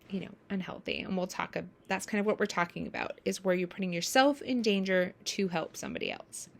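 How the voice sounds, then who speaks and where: A woman's voice: mid-range voice, vocal fry. A woman coaching in a casual teaching style, acting out quoted examples as she explains. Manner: acts out quoted examples with lively shifts in voice.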